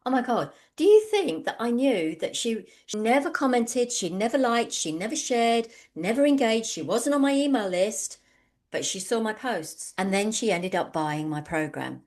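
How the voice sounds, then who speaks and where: A woman's voice: a little high, expressive, normal speed, a little mellow. A woman, an online business coach, giving a conversational webinar talk full of anecdotes and frequent ums. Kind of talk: webinar presentation.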